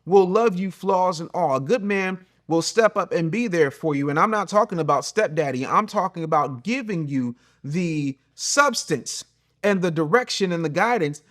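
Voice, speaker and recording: A middle-aged man lectures straight to camera in a blunt, preachy advice monologue. His voice sits a little higher than most men's, and he swings from loud, punchy jabs down to low, quiet asides. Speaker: host and relationship coach.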